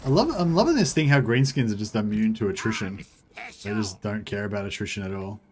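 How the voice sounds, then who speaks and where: A man's voice: lowish voice, animated, fairly quick, a little hiss or hum. A man streaming a strategy game, rambling casually, chatting with viewers and swearing now and then. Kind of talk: casual livestream commentary.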